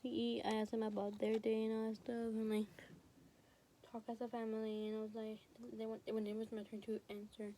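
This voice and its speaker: A woman's voice: on the high side, completely flat delivery, a little fast, mellow, slight background noise. Rambling teen girl telling a storytime. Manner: rambling, heavy use of fillers like "like" and "you know". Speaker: vlogger. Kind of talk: casual storytime chat. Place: home, recording while doing nails. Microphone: phone.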